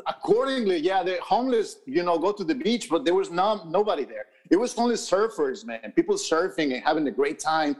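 Rambling, high-voiced casual male co-host. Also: expressive, a little fast, few pauses. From New York. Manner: rambling, many fillers and restarts, profane. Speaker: podcast co-host. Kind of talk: casual chat. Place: podcast studio.

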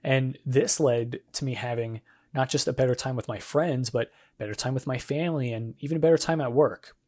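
A man's voice: medium pitch, a little fast, a little mellow. A young man hosting a devotional podcast, talking in an earnest, encouraging, conversational way. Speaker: podcast host. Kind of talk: casual devotional podcast monologue.

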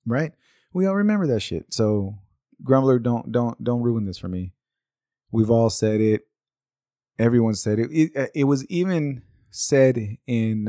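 A man's voice: fairly low pitch, mellow, no echo, studio quality. Rambling, profane man in his thirties. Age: 30s. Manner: rambling and profane, with exasperated asides. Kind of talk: casual monologue.

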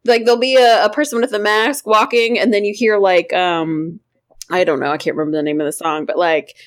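A woman's voice: mid-range voice, fairly even intonation, brisk. A woman co-hosting a podcast in casual chat, chatty and swearing freely, with many fillers and laughs. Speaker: podcast co-host.

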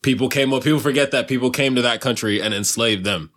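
Guy cohosting a podcast, slangy and joking around, bright voice. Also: mid-range voice, quick pace. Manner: animated, slangy, does jokey voices. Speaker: podcast co-host. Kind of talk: casual chat.

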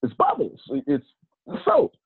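A man, a motivational speaker telling personal stories in a joking, conversational way with preacher-like asides. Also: a little slow. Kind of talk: casual storytelling talk. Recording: phone-like lo-fi line.

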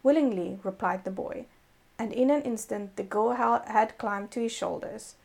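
Woman storyteller, slightly high voice with vocal fry, gentle read-aloud fairy-tale delivery. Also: normal speed.

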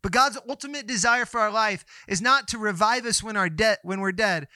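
A man's voice: sits high, a little fast, bright, forceful tone, no room sound, studio quality. A man co-hosting a church podcast, talking in an earnest, encouraging way about faith. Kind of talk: faith podcast conversation and prayer. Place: studio. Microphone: podcast microphone.

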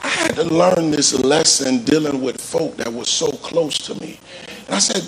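A man preaching with a high, gravelly voice that swings into sing-song cadences. He keeps calling on the congregation to repeat after him and climbs into shouts. Faint noise sits under his voice. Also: normal speed. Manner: call-and-response preaching, rising to shouts. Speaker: pastor. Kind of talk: sermon.

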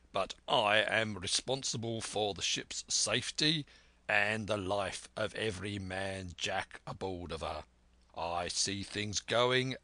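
A man voicing a stern, blunt sea captain who talks in a measured, firm way in a storybook reading. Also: fairly low pitch, bright, forceful tone, no echo, exaggerated voice.

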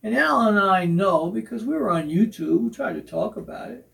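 A man's voice: high voice, lively intonation, moderate pace, creaky. A middle-aged man co-hosting a casual talk show, rambling and joking with many fillers. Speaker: co-host. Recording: voice from a distance off the mic.

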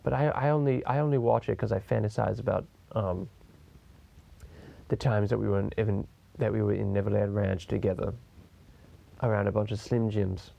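Stewie Griffin, as a man puts him on, gravelly. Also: on the low side, steady tone, normal speed, mellow, muffled recording. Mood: rambling. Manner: rambling, crude, drifting tangents. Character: foul-mouthed rambling cartoon baby boy. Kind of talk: improvised parody monologue.

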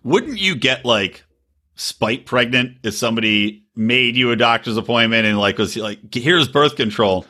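A man co-hosting a podcast in casual chat, profane and quick to laugh. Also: mid-range voice. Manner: profane, animated, laughing storyteller. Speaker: podcast co-host.

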